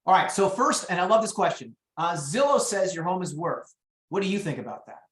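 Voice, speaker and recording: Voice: medium pitch, sing-song, a little fast, a little hiss or hum. A real estate coach running a live online training, talking straight to the audience in a chatty, coaching way and acting out client conversations. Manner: chatty, coaching, addresses the audience directly, acts out client dialogue. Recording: roomy echo.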